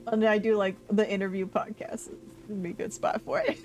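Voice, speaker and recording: A woman's voice: medium pitch, huge pitch swings, measured pace, a little mellow, soft background music. A woman streaming a game live, chatting casually with a friend and laughing often. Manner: laughs often, playful teasing. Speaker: Twitch streamer. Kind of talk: casual gaming stream chat.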